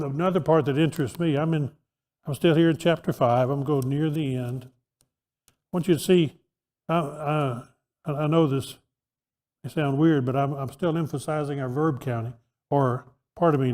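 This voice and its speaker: Here a man with a high-leaning, darkish voice teaches a Bible class that invites participation. His manner is conversational: he poses questions to listeners and repeatedly restarts his sentences. The recording carries the echo of a church hall, and he's in a church auditorium.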